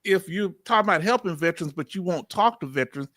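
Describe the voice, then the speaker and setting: Bright-voiced Southern man hosting. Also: high-pitched, expressive, quick pace, no room sound, clean studio sound. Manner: direct, probing, casual slang. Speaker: channel host. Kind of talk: live chat Q&A.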